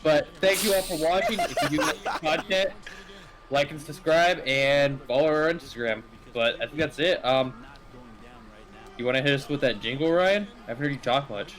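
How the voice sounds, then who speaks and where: A young man moderating a podcast over a headset, talking in a halting way with fillers and laughs. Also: fairly high pitch, fairly bright tone, low-quality recording. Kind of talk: casual chat.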